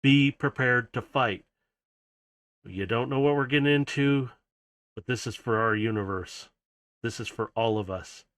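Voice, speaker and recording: Fussy woman commander voiced by a male game master, soft and hurried, no room sound. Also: mid-range voice, no room sound, close to an everyday voice. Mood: rallying. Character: brisk, fussy woman leader herding little bots.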